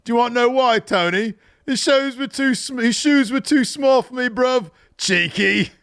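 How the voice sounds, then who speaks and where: A man's voice: very high voice, moderate pace, fairly bright tone, smooth, voice pushed up. A man doing a put-on British impression of a cocky, cheeky young male wrestler. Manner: boastful, cheeky.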